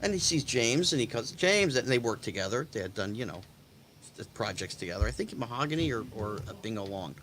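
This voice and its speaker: A man in his fifties, a guest in a casual chat, telling anecdotes with animated delivery and slipping into other people's voices. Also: mid-range voice, fairly quick, slight background noise. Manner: animated, acts out quoted voices. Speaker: guest storyteller.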